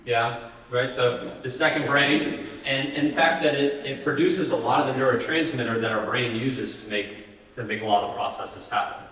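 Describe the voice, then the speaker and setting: A man's voice: mid-range voice, steady tone, normal speed, fairly bright tone. A man giving a live health talk, speaking conversationally and often putting questions to the audience. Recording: roomy hall, distant mic.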